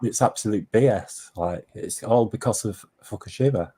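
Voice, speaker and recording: A man's voice: on the low side, moderate pace, dark tone, slight background noise. A man with an English accent talking bluntly in casual chat, ranting and teasing with "mate". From England.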